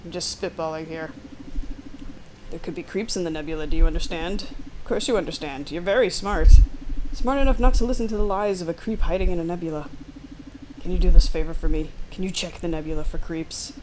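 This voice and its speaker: A woman voicing a sly, manipulative male office worker with smooth, feigned friendliness, reading an interactive text game aloud. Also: fairly low pitch, brisk, noisy background, natural voice.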